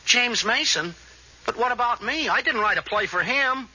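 A man's voice: very high voice, expressive, pushed and bright, lo-fi sound, heavily acted. An actor playing a wisecracking young fix-it man in a 1940s radio comedy. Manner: wisecracking, quick comebacks. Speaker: comic lead. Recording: noisy old radio broadcast.

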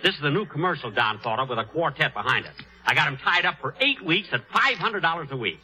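A man hosting a 1940s radio comedy, vain and easily huffed, with drawn-out pauses. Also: a little high, sing-song, bright, forceful tone, slightly rough. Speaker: comedy show host. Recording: muffled old radio broadcast.

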